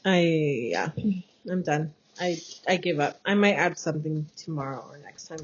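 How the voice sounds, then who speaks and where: A woman's voice: low voice, moderate pace. A woman co-hosting a casual podcast chat, blunt and joking, cursing offhandedly. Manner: blunt, wisecracking, curses casually. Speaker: podcast co-host. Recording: dull lo-fi sound with faint noise.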